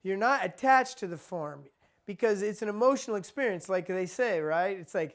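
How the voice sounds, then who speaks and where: A man's voice: high voice, expressive, moderate pace. A man teaching a spiritual lesson in a conversational, repetitive way. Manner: conversational, repeats himself, acts out quoted people.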